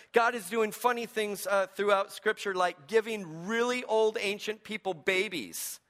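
A male pastor preaching a sermon with animated, humorous storytelling. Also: sits high, measured pace, few pauses.

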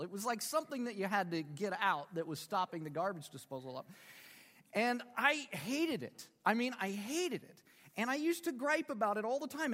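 A man's voice: high voice, a bit bright, big-room sound. A man in his fifties preaching a sermon in a conversational way, with rhetorical questions and humor. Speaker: pastor.

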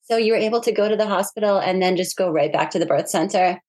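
Quick-talking woman host. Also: mid-range voice, darkish tone. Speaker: podcast host.

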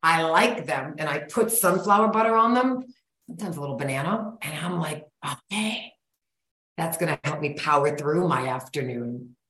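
Woman, 40s, blunt folksy coach, lowish voice, roomy echo. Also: animated, brisk, fairly bright tone. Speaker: guest, sugar-cravings coach. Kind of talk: casual interview chat.

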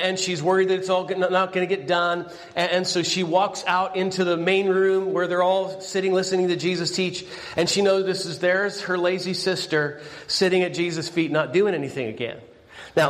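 A man, a pastor, preaching a sermon at a breakfast event, telling the story with animated energy and frequent restarts. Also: high voice. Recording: long hall reverb.

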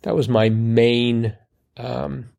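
A man's voice: medium pitch, steady tone, very slow, creaky, dark tone. A man, co-hosting a casual chat about a crossword, rambling and joking at his own expense. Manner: joking, rambling, self-mocking. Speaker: podcast co-host.

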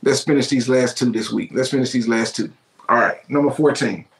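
A man's voice: mid-range voice, a little fast, reverberant. A man preaching a sermon, fervent and exclaiming, repeating his phrases for emphasis.

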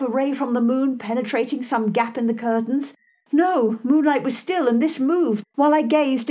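A woman narrating a novel in the first person, with a hushed, dramatic delivery. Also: a little high. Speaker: audiobook narrator.

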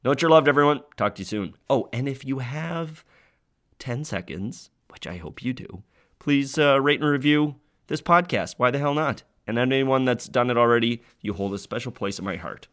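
A man who trains dogs, hosting a podcast in a blunt, energetic, joking monologue. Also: mid-range voice, normal speed. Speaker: dog trainer and podcast host.

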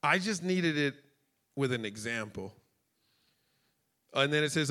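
A man preaching a sermon with emotion, swinging into shouts and acting out voices as he tells stories. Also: on the high side, expressive, unhurried, pauses often.

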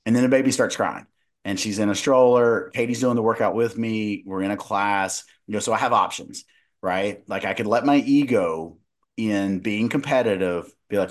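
A man's voice: lowish voice, normal speed. A man in his thirties, a podcast co-host and dietitian, chatting casually and telling a story with many restarts. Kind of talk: casual conversational chat.

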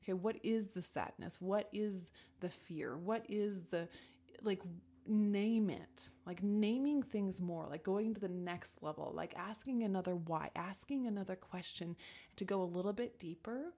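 A woman's voice: mid-range voice, unhurried, warm tone. A woman talking reflectively about intuition and decisions, thoughtful, with frequent "like" and restarts, sometimes dropping to a near whisper. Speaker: speaker sharing personal advice. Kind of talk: reflective casual talk.

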